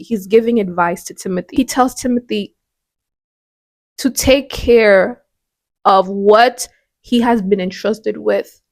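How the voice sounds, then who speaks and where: A woman's voice: mid-range voice, no echo. A woman hosting a devotional podcast. She talks in an earnest, conversational way and often restarts her sentences. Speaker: podcast host.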